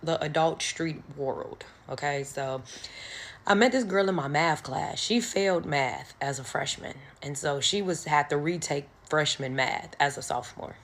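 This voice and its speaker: A woman's voice: low-pitched, measured pace, fairly bright tone. Storyteller: woman; casual, slangy, acts out the quotes. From Chicago.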